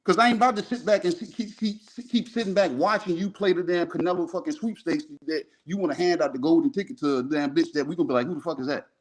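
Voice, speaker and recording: A man's voice: on the high side, fast talker, few pauses. Heated, profane man arguing sports. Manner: profane, animated, repeats himself. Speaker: podcast co-host.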